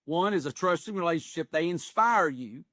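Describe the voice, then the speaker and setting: Earnest man in his sixties, higher voice. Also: animated, moderate pace, fairly bright tone, no room sound, clean studio sound. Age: 60s. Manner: earnest storytelling with folksy phrasing. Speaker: executive coach. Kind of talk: podcast interview.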